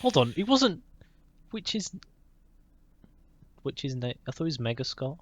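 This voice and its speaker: A young man co-hosting a podcast, deadpan and laid-back as he plays along with the jokes. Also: medium pitch, normal speed, no echo. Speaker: podcast co-host. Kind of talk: casual chat.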